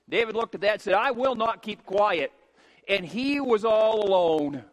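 A middle-aged man preaching a sermon as a pastor, emphatic and rising to shouts on key points. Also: high-pitched, animated, moderate pace. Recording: long hall reverb.

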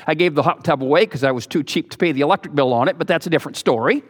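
A middle-aged man preaching a sermon as pastor, folksy and joking, moving from low asides to loud exhortation. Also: racing, in a large hall.

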